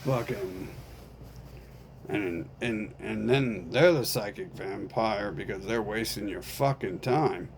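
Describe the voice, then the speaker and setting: A man's voice: on the low side, slow, creaky, a little hiss or hum. A man delivering a rambling, profane, conspiratorial monologue straight to the camera.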